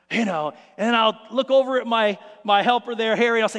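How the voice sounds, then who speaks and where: A man preaching a sermon as pastor, telling stories in an animated way and acting out the scenes. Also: high voice, fairly quick, few pauses, in a large hall.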